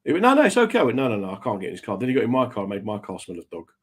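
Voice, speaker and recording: A man's voice: on the low side, racing, breathy edge. A man hosting a radio show, telling stories in casual chat and doing the voices of the people he quotes. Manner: chatty, swaps into voices when quoting people.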